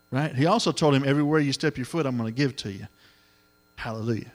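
A middle-aged man preaching a sermon, telling the story in an animated way and acting out the voices. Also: mid-range voice, fairly quick. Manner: animated storytelling, acts out voices, exclamations of hallelujah.

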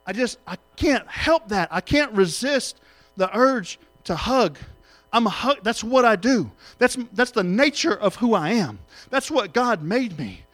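A middle-aged man preaching an emotional sermon, swinging between loud exhortation and hushed tenderness. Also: high-pitched, big pitch swings, a little slow, no room sound.

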